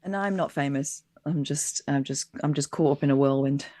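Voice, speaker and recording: A woman's voice: extremely low pitch, moderate pace, dark tone, no echo, studio quality. A woman co-hosting a casual stream, teasing and playful in her banter. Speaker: stream co-host.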